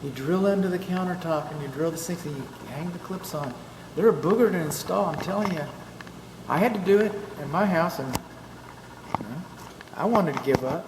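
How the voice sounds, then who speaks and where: A man's voice: a little high, moderate pace. Texan man, folksy home inspector, chatty walkthrough, long reverb, background hum. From Texas. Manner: folksy, chatty, joking asides. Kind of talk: walkthrough narration to a client. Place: empty new house interior. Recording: echoey empty rooms, steady background noise.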